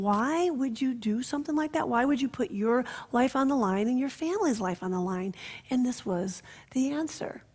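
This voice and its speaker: A woman minister giving a sermon, telling stories in an expressive way that drops to soft, hushed passages. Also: fairly high pitch, husky.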